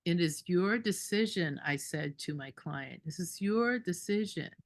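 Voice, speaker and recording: Woman doula telling a birth story, lowish voice, fired up and indignant, laughs a bit. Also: animated, measured pace. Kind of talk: storytelling at a group meeting.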